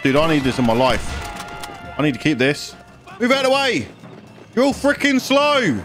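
A young man with a British accent giving rowdy, excitable let's-play commentary in a mock-outraged manner. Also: fairly high pitch, moderate pace. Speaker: gaming youtuber. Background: game music.

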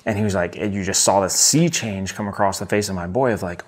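A man with a fairly low voice hosts a casual solo podcast and reviews a book he loves. He rambles eagerly, restarts his sentences and fills the gaps with "like" and "um". He sounds like an American in his thirties. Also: quick pace, few pauses. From United States. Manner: enthusiastic, rambling, many fillers and restarts.

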